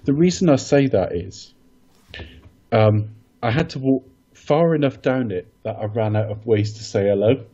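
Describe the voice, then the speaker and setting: A man's voice: medium pitch, warm tone, dull audio. An English man co-hosting a podcast, in a casual, rambling, joking chat. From Britain. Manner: bawdy, rambling, quick to joke. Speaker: podcast co-host.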